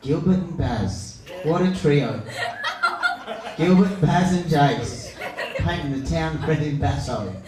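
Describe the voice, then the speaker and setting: A young man working a pub crowd as comedy MC, brash and sweary, with a slightly high voice. He sounds far from the mic in a very echoey room, with a lively crowd laughing around him. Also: takes it slowly. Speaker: comedy night MC. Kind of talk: stand-up crowd work. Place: pub function room on stage.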